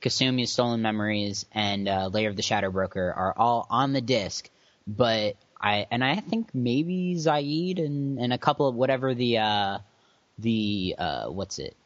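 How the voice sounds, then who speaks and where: A man chatting on a casual gaming podcast, halting and searching for his words. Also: mid-range voice, expressive, no echo. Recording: dull lo-fi sound, dry.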